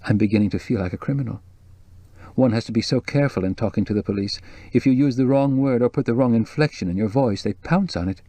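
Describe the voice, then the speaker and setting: A man's voice: fast talker, dark tone, no room sound, natural voice. A man voicing a breathless, nervous woman. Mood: anxious. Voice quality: low-pitched and breathless. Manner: nervous, jumpy, worried. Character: anxious, fragile young woman widow. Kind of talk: audiobook dialogue reading.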